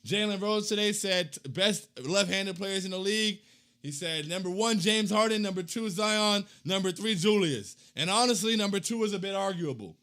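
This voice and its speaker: At a normal speed, a young man reads fan comments during his casual postgame chat. The reading is hyped and slangy, moving from loud chants down to low mutters.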